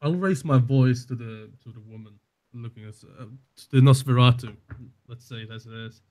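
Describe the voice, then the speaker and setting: A man's voice: mid-range voice, normal speed, dark tone. A man playing a tabletop game, speaking casually and hesitantly. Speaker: player.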